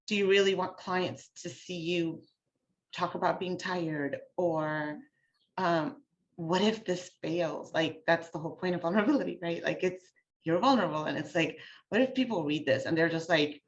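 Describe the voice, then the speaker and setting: A chatty woman speaking in a fairly low voice, her talk full of fillers and quick asides. She comes through a video call with a dull, lo-fi sound. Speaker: author guest. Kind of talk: casual conversation.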